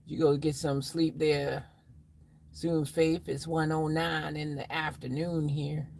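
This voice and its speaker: A woman's voice: low voice, little pitch movement, slow pace, vocal fry, darkish tone, slight background noise, rough recording. A woman chatting casually on a live stream, reading out viewers' comments in a playful, drawling way. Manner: playful, drawls, puts on silly voices and sound effects. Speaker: livestreamer.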